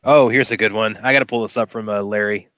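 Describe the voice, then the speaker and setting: A man's voice: lowish voice, steady tone, fast, pushed and bright, no room sound. A man co-hosting a casual live stream, chatty, reading chat comments aloud. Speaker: co-host.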